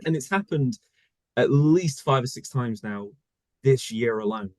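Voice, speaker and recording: A man, an audiobook narrator, chatting casually and telling anecdotes in a relaxed way. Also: mid-range voice, unhurried, no room sound. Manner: relaxed storyteller, many fillers. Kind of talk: casual chat.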